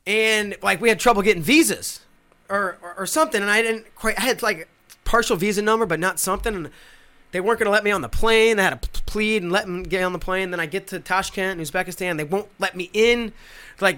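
A man casually telling travel stories as a guest, animated and acting out the people he met. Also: high-pitched, fast talker. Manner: animated, acts out other voices. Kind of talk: casual storytelling chat.

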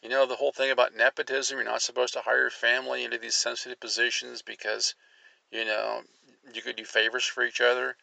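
Gravelly man with a tense, sharp voice. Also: flat delivery, quick pace, no room sound, poor audio. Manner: sarcastic asides, jumps up in pitch when worked up. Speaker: commentary show host. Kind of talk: opinionated political commentary, reading articles aloud.

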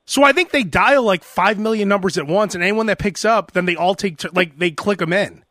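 A man's voice: high voice, fairly quick, a bit bright, no room sound, studio quality. A man hosting a podcast, chatting casually and acting out phone calls as he tells stories. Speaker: podcast host. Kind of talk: casual chat.

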